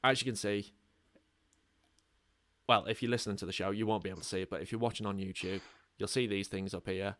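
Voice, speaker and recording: A man's voice: fairly low pitch, fast, long pauses, no echo. A man with an English accent hosting a casual podcast, rambling along with lots of ums. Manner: relaxed, rambling, many ums. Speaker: podcast host.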